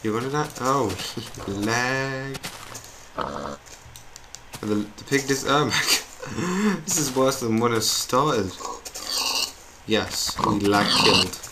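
A man's voice: mid-range voice, drawn-out words, long pauses. A young man chatting in a rambling, self-mocking way as he plays a video game. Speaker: gamer. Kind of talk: gameplay commentary. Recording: noisy home recording with keyboard clicks.

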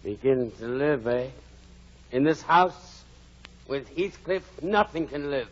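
A drunken hate-filled man, raving curses, husky, dull 1940s radio sound. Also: medium pitch, animated, slow pace. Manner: slurred bitterness rising to raving curses. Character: drunken, despairing man, full of hatred. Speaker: Hindley.

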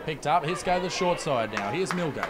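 A man giving fast, jokey play-by-play commentary on a rugby league match from a commentary box. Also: fairly high pitch. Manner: rapid, excitable, jokey play-by-play. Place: commentary box at an outdoor ground. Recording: loud crowd and outdoor noise.

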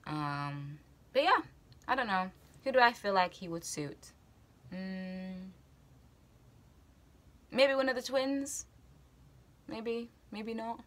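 A woman's voice: medium pitch, animated, slow, pauses often, fairly bright tone. A woman vlogger chatting casually about a reality show, thinking aloud and rambling with lots of fillers. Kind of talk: casual chat.

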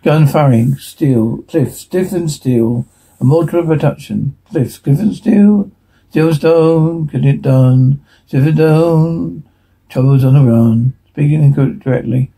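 A man reading a TV episode transcript aloud in a hurried way, stumbling and restarting words now and then. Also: on the high side, creaky, warm tone, breathy edge, low-quality recording. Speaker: reader.

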